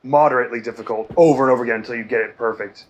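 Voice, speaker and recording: Man, mid-pitch, grumbling let's-play host who mocks himself, faint game music behind. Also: rapid-fire, dull audio. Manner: rambling, self-mocking, exasperated grumbling. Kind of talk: casual gameplay commentary.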